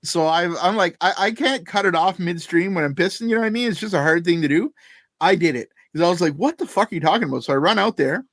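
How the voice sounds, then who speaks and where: A man's voice: high voice, dry recording, studio quality. A man co-hosting a podcast, telling a long story in casual chat, swearing often and acting out what people said. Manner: profane, animated anecdote telling. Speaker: podcast co-host.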